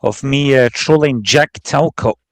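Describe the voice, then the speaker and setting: A man's voice: medium pitch, measured pace, no echo. A man calling into a casual live discussion, asking again and again in a pleading way. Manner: persistent, pleading. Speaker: caller.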